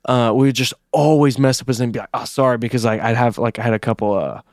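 A man's voice: medium pitch, fast, darkish tone, dry recording, studio quality. A young man co-hosting a podcast, telling a rambling story in casual chat and swearing freely. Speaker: podcast co-host.

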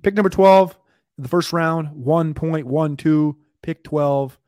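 A man's voice: on the high side, unhurried, a little mellow, no echo, clean studio sound. A man co-hosting a fantasy football draft show, talking through picks in a rambling, casual way, sometimes stuttering on names. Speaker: podcast co-host.

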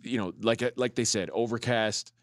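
Sports show co-host dude, halting and stumbly, dry close mic. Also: male voice, on the low side, dry recording. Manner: hesitant, stumbles and repeats words. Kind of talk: casual sports chat.

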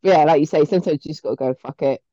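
A woman's voice: low-pitched, very fast, dark tone, no room sound, highs cut off. A woman co-hosting a podcast, telling stories in a chatty, sweary way with laughs mid-story. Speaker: podcast co-host. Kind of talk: casual chat.

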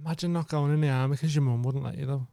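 A man's voice: medium pitch, fairly even intonation, very fast, no echo. A man co-hosting a podcast in casual chat, dropping dry, short, wry remarks. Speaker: podcast co-host. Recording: loud background noise.

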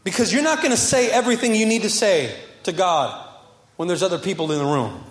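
A young man with a high voice preaches to his congregation in a reverberant church room. He repeats key phrases with fervor, then pulls back into soft, intimate passages. His words carry a long, roomy echo. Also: animated, fairly quick. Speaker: pastor. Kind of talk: sermon.

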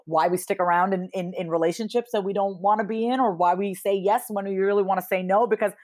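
A woman in her thirties, a therapist and podcast guest, telling stories in casual interview chat and acting out quoted lines with lively swings. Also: mid-range voice, fast talker. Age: 30s. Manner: animated storyteller who acts out quoted dialogue, swears casually.

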